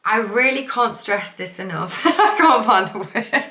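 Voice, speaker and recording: Bright, chatty woman in an echoey room. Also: fairly high pitch, expressive, unhurried. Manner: chatty, swears freely, laughs at herself. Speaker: manifestation coach. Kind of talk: casual vlog talk. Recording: roomy echo.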